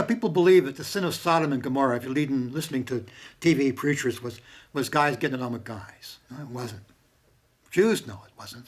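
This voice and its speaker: A man talking casually to camera at home, impassioned and profane, swinging from loud bursts to hushed whispers. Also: a little high. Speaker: monologuing about strangers and religion. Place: home with maps on the wall. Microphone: handheld camera.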